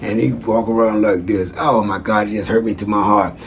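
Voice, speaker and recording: A man giving friendly shout-outs in a chatty, folksy monologue that wanders off on tangents. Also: lowish voice, fairly even intonation, fairly quick, gravelly, husky. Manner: chatty, folksy, digressive, calls listeners "man". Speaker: former social worker. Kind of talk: casual rambling monologue.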